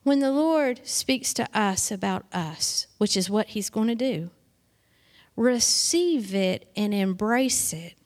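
A middle-aged woman leading an informal Bible teaching, reading scripture aloud and then explaining it in plain conversational talk with quick acted asides. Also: medium pitch, animated.

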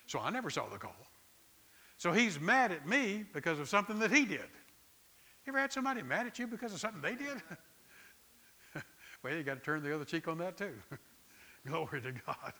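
A middle-aged pastor, preaching in a conversational, storytelling way and often repeating words. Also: male voice, on the high side, sing-song, normal speed, pauses often, bright, forceful tone. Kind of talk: sermon.

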